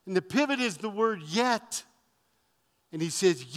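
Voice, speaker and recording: Emphatic high-voiced male preacher. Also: animated, a little slow, pauses often, long reverb tail. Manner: emphatic, repetitive preaching cadence. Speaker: pastor. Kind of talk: sermon.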